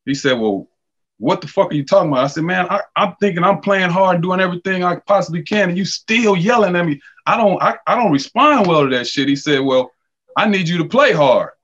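A man's voice: high voice, brisk, slightly rough. Profane man telling stories, lo-fi sound. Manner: animated, profane, acts out quoted dialogue. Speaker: podcast guest, former college basketball player. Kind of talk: casual storytelling chat.

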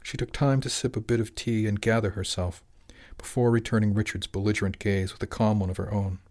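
A man narrating an audiobook in an even, measured storytelling voice. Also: lowish voice.

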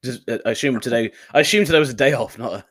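Co-hosting a casual chat podcast, this man has a slightly rough, mid-range voice. He talks quickly, jokes, laughs often and pokes fun at himself.

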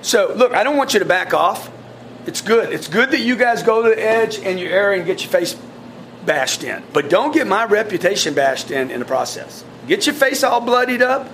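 A man's voice: high-pitched, moderate pace, slight background noise. Blunt, fired-up man coaching his sales team. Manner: blunt, animated, repetitive restarts. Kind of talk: coaching talk to staff.

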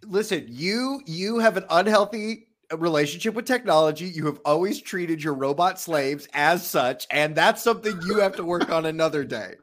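A man's voice: fairly high pitch, lively intonation, moderate pace, hardly any pauses, a bit bright. A man co-hosting a podcast in casual chat, teasing and joking with his friend. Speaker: podcast co-host.

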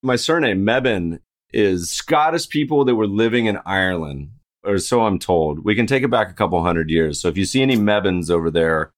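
A man's voice: low voice, animated, normal speed. An American man hosting a podcast, chatty and upbeat, introducing his guest, reading an ad and joking around. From United States. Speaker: podcast host. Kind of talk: casual interview chat and read ad.

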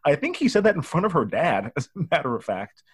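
A man's voice: fairly high pitch, sing-song, fast. A man co-hosting a casual movie review podcast, joking and acting out lines from the film in mock voices. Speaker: podcast co-host.

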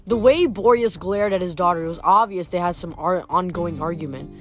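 A woman's voice: on the low side, normal speed, hardly any pauses, faint music behind. Woman reading a novel aloud. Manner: plain reading with frequent self-corrections. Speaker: reader.

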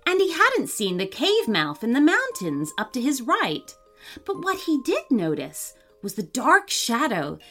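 A woman reading a children's story aloud as scripted narration, in an expressive storytelling manner. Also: fairly high pitch. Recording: faint music under the voice.

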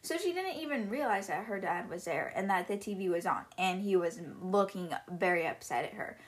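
Woman podcast host, casual filler-heavy book summary, mid pitch. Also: lively intonation, normal speed.

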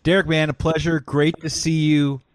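A man appearing as a guest on a sports podcast, speaking in a calm, soothing, mock-therapist manner. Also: a little high, moderate pace, no room sound. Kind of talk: casual sports podcast chat.

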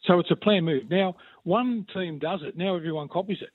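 A man's voice: sits high, brisk, no room sound. Rambling Australian man on a tinny phone line. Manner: rambling, warm storytelling full of restarts and "mate". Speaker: former player and regular pundit. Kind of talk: casual sports radio chat.

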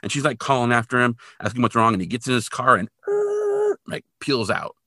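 A man's voice: medium pitch, wildly swooping pitch, fairly quick, bright, forceful tone, no echo, studio quality. A man co-hosting a podcast, retelling a TV episode in a loose, casual way with lots of filler words. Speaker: podcast co-host.

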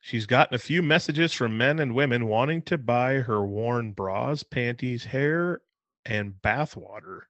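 A man's voice: medium pitch, a little slow, a bit bright, dry recording, dull audio. A man co-hosting a casual podcast, reading a news story aloud with laughing asides. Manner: reads out articles with laughing asides. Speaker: podcast co-host.

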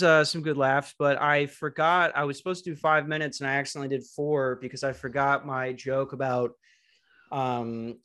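A man hosting a comedy podcast, rambling in crude casual banter with halting restarts and a deadpan delivery. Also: fairly high pitch. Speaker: podcast host and stand-up comic.

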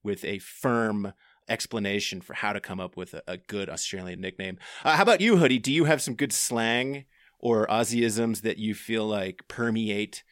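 A man's voice: fairly low pitch, normal speed, fairly bright tone, no echo, clean studio sound. Rambling male podcast host. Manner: loose and rambling, with many fillers. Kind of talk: casual podcast chat. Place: home office.

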